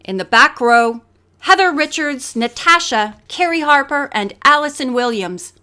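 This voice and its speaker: Brief: high-pitched, commanding female fashion director barking orders, read by a woman narrator. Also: animated, a little slow, heavily acted. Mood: bossy. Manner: loud, bossy, clipped orders.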